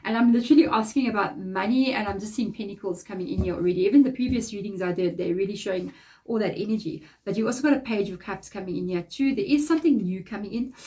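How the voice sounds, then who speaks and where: A woman's voice: fairly high pitch, warm tone. A woman from Africa with a blocked, nasal nose, giving a casual tarot card reading in a chatty, encouraging, rambling way. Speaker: tarot reader.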